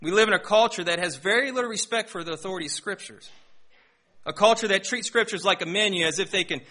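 Bright-voiced young man preaching. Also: high voice, fast. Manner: storytelling, self-deprecating, animated. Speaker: pastor. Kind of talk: sermon with personal story.

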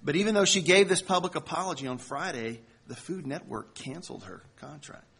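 Man preaching with slow emphatic storytelling. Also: on the high side, creaky, a bit bright, breathy edge. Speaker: pastor. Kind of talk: sermon.

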